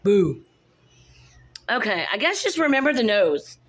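This relaxed kitten showcase comes from a cat breeder filming on a handheld phone. Her mid-range voice is sing-song and measured as she chats, presenting each kitten and talking to them in baby talk.

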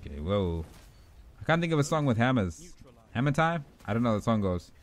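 A young man giving rambling, excitable commentary over his own gameplay, trash-talking opponents and himself. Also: mid-range voice, a little fast. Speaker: gaming YouTuber.

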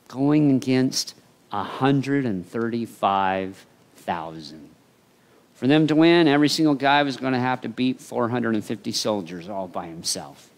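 A male pastor preaching a sermon in an animated storytelling way. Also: medium pitch, normal speed. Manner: animated storytelling, acting out voices.

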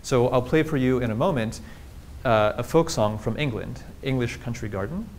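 A man's voice: mid-range voice, normal speed, darkish tone, slight background noise. A man giving a public linguistics lecture with slides, explaining things plainly and throwing rhetorical questions at the audience.

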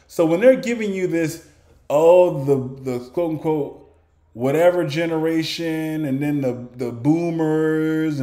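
Animated man preaching in an echoey room. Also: a little high. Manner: asks rhetorical questions and answers them; conversational, with chuckles and restarts. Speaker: bible teacher. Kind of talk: informal preaching to camera.

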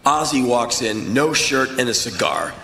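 A man's voice: mid-range voice, expressive, a little slow, sharp tone. Intense, profane man telling stories live. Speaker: spoken word performer. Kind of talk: live spoken word storytelling. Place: stage in a large venue. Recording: echoey live venue with crowd noise.

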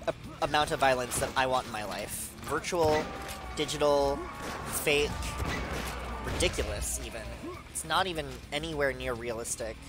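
A man in his thirties who is stoned, giving rambling, digressive gameplay commentary with excited outbursts. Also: a little high. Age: 30s. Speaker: video game streamer. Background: game music.

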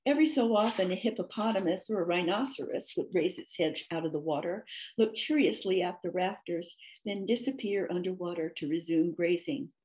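Woman storybook narrator, gentle and measured, low and mellow. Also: low-quality recording. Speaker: author reading her story. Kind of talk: storybook read-aloud narration.

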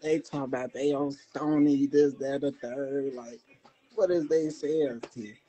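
A man's voice: mid-range voice, fairly even intonation, unhurried, warm tone, poor audio. A young man talking on a phone livestream, agitated and profane as he rambles back at viewers' comments. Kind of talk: casual livestream talk reacting to comments.

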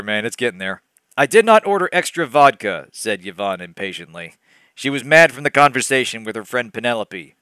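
A man's voice: fairly low pitch, bright, forceful tone, smooth, no echo. A man reading a badly written novel aloud as a let's play host, breaking off for sarcastic, laughing asides. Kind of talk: comedic dramatic reading with commentary.

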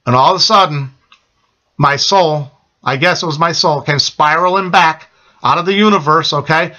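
A man's voice: on the high side, normal speed, pushed and bright, highs cut off. A middle-aged man telling an emphatic personal testimony, often repeating "okay?" and addressing listeners as his friends. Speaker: testimony speaker.

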